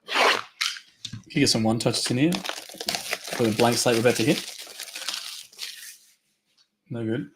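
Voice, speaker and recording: A man hosting a live trading card break, rattling off names quickly and upbeat, his voice going hoarse. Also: medium pitch, heavy background noise. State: losing his voice.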